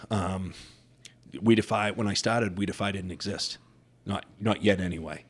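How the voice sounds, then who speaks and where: Middle-aged deaf man guest, very low voice, earnest storyteller who acts out the dialogue he quotes. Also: fairly even intonation, normal speed. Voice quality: deaf speaker who wears hearing aids. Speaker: podcast guest. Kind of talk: casual interview chat.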